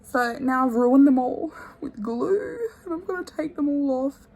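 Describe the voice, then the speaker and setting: Young woman, phone vlog, candid rambling chat, drifts soft at line ends. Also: high-pitched, animated, a little slow, gravelly. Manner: rambling and candid, trailing off quietly. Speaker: vlogger. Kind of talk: casual chat to camera. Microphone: phone held at arm's length.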